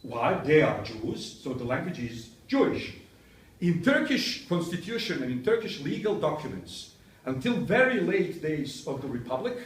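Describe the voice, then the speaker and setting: A male university lecturer telling humorous anecdotes to a touring group, chuckling often. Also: a little high. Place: indoor museum hall. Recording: echoey room, distant mic, faint ambience.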